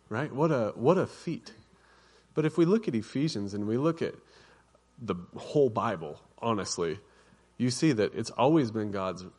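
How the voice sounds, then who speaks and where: A man giving a conversational sermon, chatty and informal, with frequent restarts and asides. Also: on the low side.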